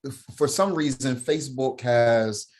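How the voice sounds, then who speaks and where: Male podcast guest, mid-pitch, energetic storyteller, slangy and emphatic. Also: measured pace. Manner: slangy, emphatic, laughs while telling stories; punctuates points with "right?". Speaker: podcast guest, founder of a men's program. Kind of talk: animated storytelling, casual talk.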